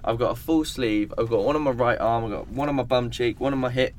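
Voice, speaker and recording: A man's voice: mid-range voice, quick pace, a crowd in the background. A young man chatting casually as a guest, often restarting his sentences with ums. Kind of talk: casual chat.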